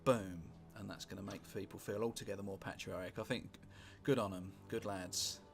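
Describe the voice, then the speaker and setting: A British man casually commentating on a strategy game he is playing, rambling and wry, with sweary asides and thinking out loud. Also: low-pitched, steady tone, a little fast. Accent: British English. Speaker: gameplay commentator. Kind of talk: casual let's-play commentary. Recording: music playing underneath.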